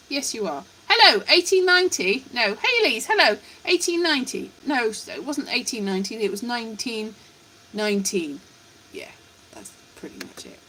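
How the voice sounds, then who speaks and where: Woman, live-stream chat, rambling, scatterbrained, high voice, animated pitch. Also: a little hiss or hum. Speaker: livestreamer.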